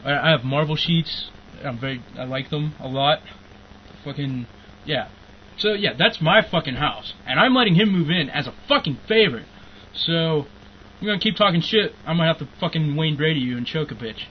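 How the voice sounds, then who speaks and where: High-voiced young man ranting with profanity. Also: animated, moderate pace. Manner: profane, rambling, bursts into angry shouting. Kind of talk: casual ranting chat. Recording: muffled lo-fi recording with faint hiss.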